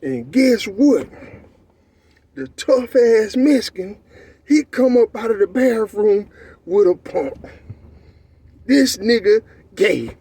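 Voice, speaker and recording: A man from Texas with a Texan accent, telling a story in animated, profane street slang and often checking in with his listener. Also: high voice, slow pace, long pauses, breathy edge. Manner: animated, profane street slang, repeats "you know what I'm saying". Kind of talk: casual storytelling.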